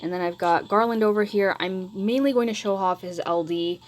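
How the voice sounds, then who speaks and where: A woman's voice: medium pitch, brisk, low-quality recording. A woman giving casual, hesitant gameplay commentary for her channel, trailing off and calling herself mumbly. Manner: rambling, hesitant, self-admittedly mumbling. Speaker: mobile game video creator.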